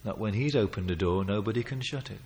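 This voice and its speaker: A man preaching a sermon, emphatic, with sudden loud swells, quiet asides and chuckles as he tells stories. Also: fairly low pitch, fast. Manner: chuckles while telling stories.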